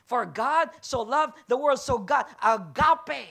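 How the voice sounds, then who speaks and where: High-voiced woman preaching emphatically. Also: lively intonation, slow, gravelly, fairly bright tone, breathy edge. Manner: emphatic preaching with rhetorical questions and repetition. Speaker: pastor. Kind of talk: sermon.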